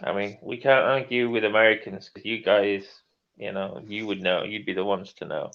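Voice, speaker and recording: British guy hosting a stream, low voice, kinda muffled lo-fi audio, rambles with lots of ums. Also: steady tone, moderate pace. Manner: rambling, hesitant with many ums. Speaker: live-stream host. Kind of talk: casual chat.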